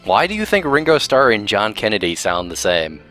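A man doing casual let's play commentary with wry, deadpan jokes. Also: fairly low pitch, normal speed, faint music behind.

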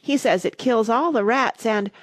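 A woman's voice: medium pitch, big pitch swings, slightly rough, no room sound, clean studio sound. A woman voicing a polite, curious young girl who talks eagerly and rambles. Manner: eager, rambling, quick to apologize.

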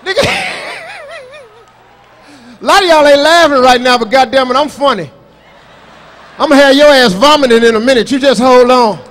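A man's voice: extremely high pitch, fairly bright tone. A man doing a live stand-up comedy set, brash and profane, boasting and scolding the crowd. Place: live comedy show on stage.

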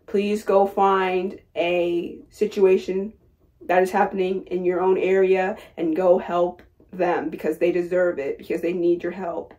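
A woman's voice: fairly low pitch, little pitch movement, a little slow, dark tone. A young woman vlogger ranting to camera, impassioned and hurt, repeating her phrases and trailing off into sad fillers. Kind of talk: emotional personal rant to camera.

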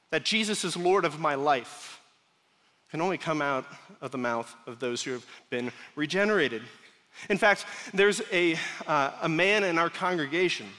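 A male pastor preaches in a relaxed, conversational way and keeps breaking off into joking asides to his congregation. His voice sits high and bright. It rings out through a big sanctuary with a long reverb. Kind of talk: sermon. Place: large church sanctuary. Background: congregation laughing at times.

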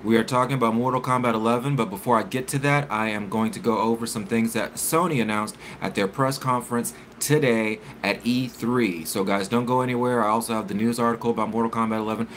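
A man talks to his live-stream chat at a middle pitch, rambling and stumbling as he reads news pieces aloud. A faint hum of room ambience sits behind his voice. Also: steady tone, fast, hardly any pauses, fairly bright tone. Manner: chatty and rambling, reads articles aloud with stumbles and self-corrections. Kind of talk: casual live-stream chat, reading chat messages.

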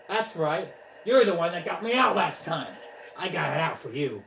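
A young man giving casual commentary on a motion game he is playing, excitable and trash-talking, out of breath as he swings a controller. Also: a little high, moderate pace, slight background noise. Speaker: gaming vlogger. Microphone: camera mic from a few steps away. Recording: echoey room, distant from mic.

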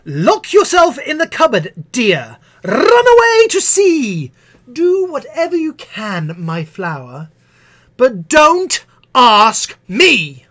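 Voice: medium pitch, huge pitch swings, unhurried, pitched above the performer's own voice. A reader plays a harried schoolteacher who waves off every complaint with a sweet "dear" or "my lamb". The voice sits well above the reader's own and swoops up and down. The manner is breezy and dismissive. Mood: breezily dismissive. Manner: breezy, dismissive, singsong endearments. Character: harried female schoolteacher, fobbing children off.

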